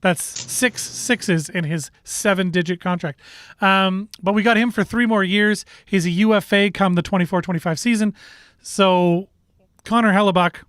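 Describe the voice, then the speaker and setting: A man's voice: high voice, fairly bright tone, clean tone, dry recording, clean studio sound. A man with a Canadian accent co-hosting a sports show, talking casually and rambling with restarts and strong opinions.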